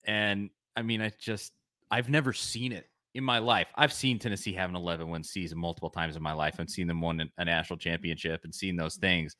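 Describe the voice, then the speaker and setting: A man hosting a casual sports podcast, excitable, given to bursts of laughing and shouting. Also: low-pitched, brisk, no echo, clean studio sound. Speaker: podcast host.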